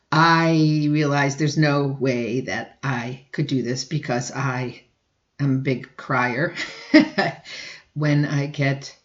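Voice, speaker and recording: A woman instructor giving a recorded lecture, often clearing her throat and restarting sentences. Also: a bass voice, echoey room, muffled recording. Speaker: college instructor.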